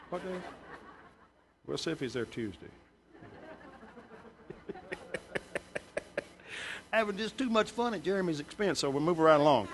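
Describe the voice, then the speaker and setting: A man's voice: sits high, slight background noise. A male pastor preaching a sermon in a church, emphatic, with joking asides to the congregation. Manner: emphatic, bursts louder for scripture and punchlines. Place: church sanctuary.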